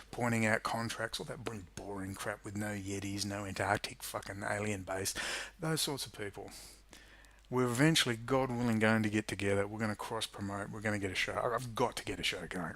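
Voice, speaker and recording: This political commentary YouTuber has a lowish, somewhat bright voice. Addressing the camera in a ranting monologue, he is angry and sarcastic about politics and swears freely.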